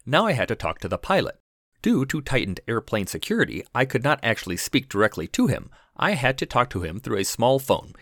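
Wry low-voiced male ER doctor storyteller. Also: dry recording, clean studio sound. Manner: wry, deadpan delivery of comic exaggerations. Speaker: podcast host and ER physician. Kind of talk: scripted humorous storytelling.

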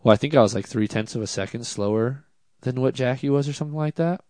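A man, a drift driver, telling a casual story in an interview, animated and self-deprecating, with many fillers. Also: medium pitch, quick pace, no room sound.

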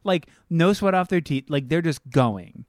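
Co-host with a lively, swooping voice, exasperated and sweary, in a dry booth. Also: mid-range voice, measured pace, dry recording. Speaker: podcast co-host. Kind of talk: casual chat.

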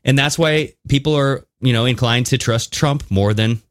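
A man co-hosting a podcast in casual chat, talking in an animated, conspiratorial way as he reads out and reacts to news. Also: medium pitch, normal speed, no room sound, studio quality. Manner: animated, conspiratorial, mixes reading with jokes. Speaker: podcast co-host.

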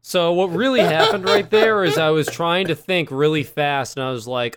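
A man's voice: on the high side, big pitch swings, normal speed, few pauses, fairly bright tone, clean tone. A man co-hosting a casual podcast, laughing often and joking at his own expense. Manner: laughing, self-deprecating, profane. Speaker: podcast co-host.

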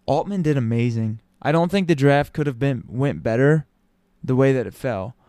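Mellow-voiced man giving opinionated casual talk. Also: mid-range voice, animated, normal speed, clear, resonant tone, dry recording. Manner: opinionated, many ums and restarts. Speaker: sports commentator.

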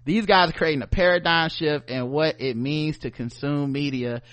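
Southern man co-host: slightly high voice, animated and joking, casual podcast chat. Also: moderate pace.

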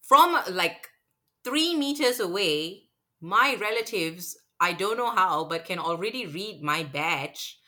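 A woman's voice: lowish voice, takes it slowly. A woman with a Singaporean English accent, a cinema manager, casually telling a story and acting out what customers said. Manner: animated, acts out customers' lines with swearing.

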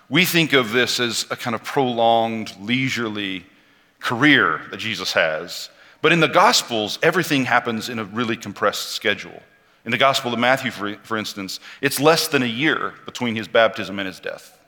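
A man preaching a sermon with a lively, swinging delivery that acts out each quote. His voice is bright and forward. It rings with the long reverb of a large hall. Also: mid-range voice. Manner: animated storytelling with acted quotes.

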